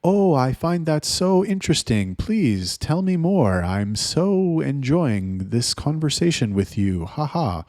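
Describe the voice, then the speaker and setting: A bubbly, airheaded young woman, as a man puts her on, squeaking high above his usual low voice. The delivery is giggly and exaggerated. The sound is dry and close. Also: big pitch swings, takes it slowly, few pauses, a little mellow, no echo, exaggerated voice. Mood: giggly, airy.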